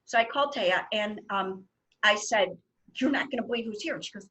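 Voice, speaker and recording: A middle-aged woman hosting a casual chat, telling lively stories and laughing often. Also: mid-range voice, brisk, poor audio. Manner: animated storyteller, laughs often. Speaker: host.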